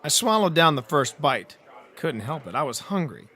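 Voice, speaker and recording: A man's voice: on the high side, big pitch swings, normal speed, sharp tone. A man narrating a first-person hard-boiled detective audiobook, with a wry storytelling delivery.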